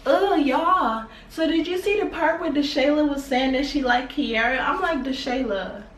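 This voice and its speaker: A woman's voice: sits high, moderate pace, far from the mic, a little hiss or hum. A woman hosting a reality TV reaction video, chatting with viewers in an exasperated, gossipy way. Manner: chatty, exasperated, keeps addressing viewers as y'all. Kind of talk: casual reality TV reaction commentary. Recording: echoey room, voice off-mic.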